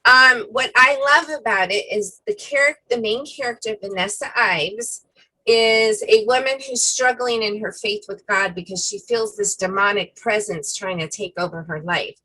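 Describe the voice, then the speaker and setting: A woman co-hosting a casual faith-themed chat, retelling a story in an animated way with many fillers. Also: mid-range voice, normal speed, breathy edge, low-quality recording. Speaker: co-host.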